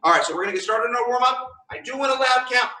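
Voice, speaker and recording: A man's voice: very high-pitched, rapid-fire, pushed and bright. Man, martial arts teacher, commanding, counting drills, echoing room, distant mic. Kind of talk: leading an online class warm-up. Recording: echoey room, mic far off.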